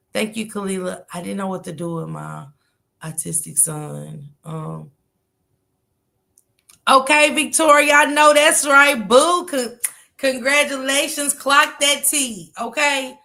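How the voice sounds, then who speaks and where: A woman's voice: fairly low pitch, vocal fry, a bit bright. A woman hosting a casual livestream, chatting and greeting viewers by name in a slangy, chatty manner. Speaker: livestream host.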